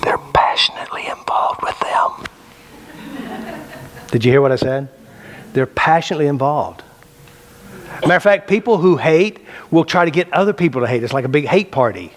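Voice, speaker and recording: A man's voice: on the high side, expressive, brisk, slight background noise. Preachy man quizzing his audience. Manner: preachy, rhetorical questions, asks the room. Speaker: self-help teacher. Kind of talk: talk to a live audience.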